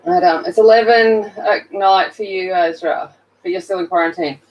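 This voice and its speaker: A woman's voice: on the low side, moderate pace, muffled recording. A sleepy Australian woman hosting a casual livestream from her phone, chatting with viewers and greeting them by name while she colours. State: sleepy, just woken up. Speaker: livestream host.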